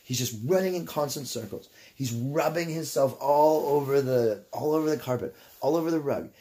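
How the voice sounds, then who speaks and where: A man's voice: mid-range voice, moderate pace, mellow. Rambling Canadian man telling a story. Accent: Canadian English. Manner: swears freely, drifts off on tangents, laughs mid-story. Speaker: vlogger.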